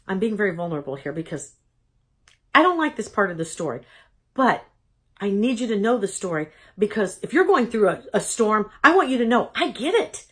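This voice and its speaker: A woman giving a personal testimony talk as a Christian speaker, telling her story in an animated, expressive way with dramatic asides. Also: mid-range voice, brisk.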